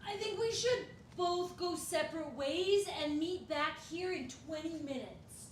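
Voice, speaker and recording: A woman as a nervous little boy in a kids' spooky story, voice pitched high and hesitant. He is heard from a distance in an echoey room with some background noise. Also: measured pace. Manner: hesitant, worried questions. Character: timid young boy named Jamie. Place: live stage reading indoors.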